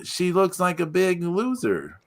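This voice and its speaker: A man's voice: sits high, wildly swooping pitch, unhurried, gravelly. A man hosting a wrestling podcast in casual chat, rambling with many restarts. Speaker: podcast host.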